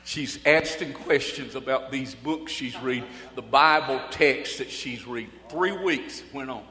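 A male preacher tells a story in a sermon, speaking folksy and dramatic with pauses and swings from loud to hushed. It is recorded in an echoey hall. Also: medium pitch. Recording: echoey hall with faint hum.

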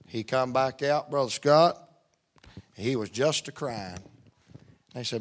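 A man's voice: mid-range voice, slow. A middle-aged man, a visiting preacher telling folksy jokes before his sermon. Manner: folksy joking storyteller. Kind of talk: humorous sermon opening.

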